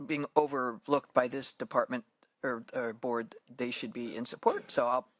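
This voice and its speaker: A man's voice: medium pitch, steady tone, normal speed, no echo. A man on the committee asking a question and then voicing his support, in a questioning, supportive way.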